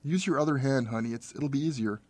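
Storybook role: a man doing an anxious grieving mother, tense and pressed, close dry sound, mid-pitched. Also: fast talker, darkish tone, husky, no echo, natural voice. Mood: gentle. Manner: tense, urgent pleading. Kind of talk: audiobook character reading.

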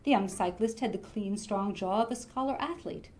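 A woman reading a comic novel aloud in a lively, expressive way. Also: medium pitch, moderate pace. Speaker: reader.

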